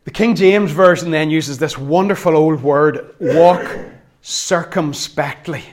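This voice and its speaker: A man's voice: fairly high pitch, normal speed. A man with a Northern Irish accent preaching a sermon, conversational and earnest with flashes of wry humor. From Northern Ireland. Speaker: pastor.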